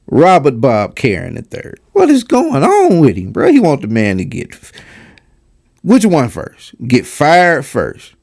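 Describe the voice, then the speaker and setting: Gravelly, animated man mocking a clip. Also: mid-range voice, a little slow. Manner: mocking, animated, slangy, stammering restarts. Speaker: reaction commentator. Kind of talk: casual reaction commentary.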